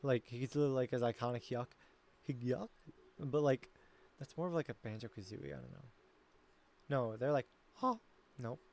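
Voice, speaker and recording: Male streamer, casual and rambling, thinks aloud and critiques himself; mid pitch. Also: a little fast, gravelly, dark tone. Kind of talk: casual chat.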